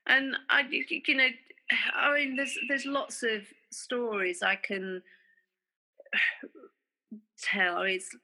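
A woman, telling a story in casual conversation. She acts out the quoted back-and-forth of an argument, talking haltingly, with fillers and restarts. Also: a little high, flat delivery, pushed and bright, low-quality recording. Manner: retells arguments by acting out quoted dialogue.

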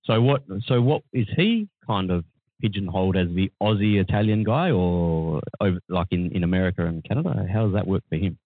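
Deep-voiced man asking questions. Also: animated, brisk, no room sound. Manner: asks questions, loose and conversational. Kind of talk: casual podcast chat. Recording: dry, phone-like sound.

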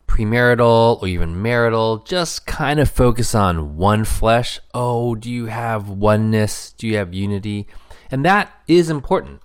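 A middle-aged man with a lowish voice talks earnestly about marriage. He thinks aloud, pausing on fillers as he works through his points. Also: clear, resonant tone. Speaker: marriage speaker. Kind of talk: reflective personal talk.

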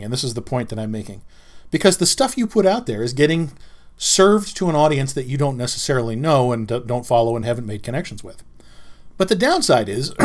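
A man's voice: mid-range voice, a little mellow. A middle-aged man hosting a podcast, telling a story in a casual, wry and rambling way that often doubles back on itself. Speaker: podcast host. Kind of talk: casual monologue.

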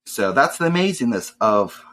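A young man telling a casual, profane story and acting out loud voices. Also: mid-range voice, big pitch swings, moderate pace. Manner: swears often, acts out voices loudly.

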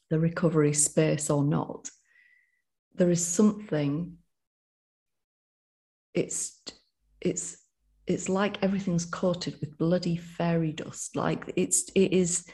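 A woman's voice: lowish voice, breathy edge. A woman from the UK, a recovery coach co-hosting a podcast, talking in a heartfelt casual way. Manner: warm, heartfelt, emotional. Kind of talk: casual chat.

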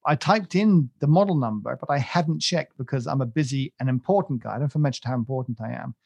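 A man's voice: medium pitch, a little fast, gravelly, darkish tone, breathy edge, no room sound. A man co-hosting a podcast, chatting casually in a rambling, self-mocking way with many fillers and restarts. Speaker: podcast co-host. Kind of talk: casual chat.

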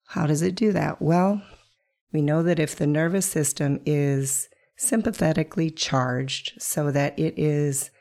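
A woman hosting a reflective solo podcast, calm and coaching, sounding hoarse from a chest virus. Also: sits low. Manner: calm, coaching, asks the listener questions. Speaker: podcast host.

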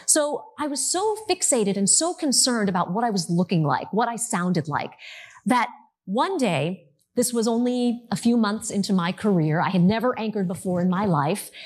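Husky, animated woman telling a story. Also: mid-range voice. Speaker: speaker giving a talk. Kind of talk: storytelling talk to an audience.

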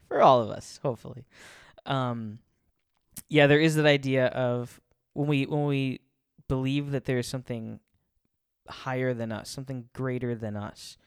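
Chuckling man giving a smooth, dry faith talk. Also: medium pitch, dry recording. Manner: chuckles often, rambles with restarts.

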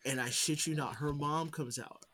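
A man co-hosting a casual podcast, telling stories in an animated way, swearing freely and swinging between loud bursts and hushed asides. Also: fairly high pitch, normal speed. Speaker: podcast co-host. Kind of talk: casual chat.

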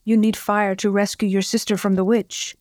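Woman reader as a wise old hermit in a folk tale, calm and knowing, medium pitch. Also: normal speed, dry recording, studio quality, natural voice. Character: wise old man who knows the witch's ways.

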